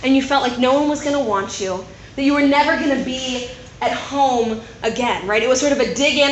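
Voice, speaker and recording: A woman preaching to a gathering of Christian women in a chatty, animated way, often checking in with "right?". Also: on the high side, brisk. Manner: conversational, animated, keeps asking "right?". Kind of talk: sermon. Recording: echoey room, faint noise.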